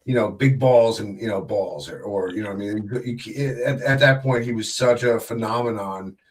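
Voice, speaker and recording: A man's voice: lowish voice, normal speed, recorded from a distance. A man guesting on a casual wrestling podcast, rambling with many fillers and restarts and joking around. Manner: jokey, slips into wrestler impressions.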